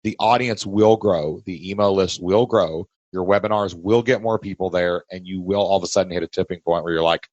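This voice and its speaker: A man with a Kentucky Southern accent, hosting a podcast and coaching a guest in an emphatic, energetic way. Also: sits low, fairly quick, few pauses, dry recording, lo-fi sound. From Southern United States. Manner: emphatic, energetic, pushes and challenges. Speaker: podcast host and business coach. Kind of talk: casual coaching chat.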